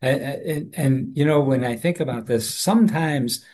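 A man's voice: mid-range voice, measured pace, darkish tone. Earnest guy talking through bible verses, thoughtful, keeps restarting his sentences. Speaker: co-host of a Bible discussion. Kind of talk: conversational Bible study.

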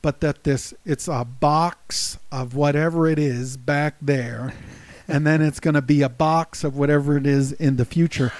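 A man co-hosting a conversational Bible study, reading scripture in a slow, deliberate and thoughtful way. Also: fairly high pitch, steady tone, darkish tone, no room sound. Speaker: co-host of a Bible study show.

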